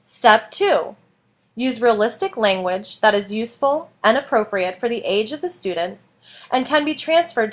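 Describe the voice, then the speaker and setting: Woman teacher, somewhat high pitch, clear scripted instructional read. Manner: clear, measured, stressing each word in the chants.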